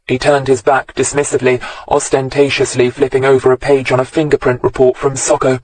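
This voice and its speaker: A man narrating a crime novel audiobook in a steady, measured storytelling voice, recorded close to the mic. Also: medium pitch, rough recording.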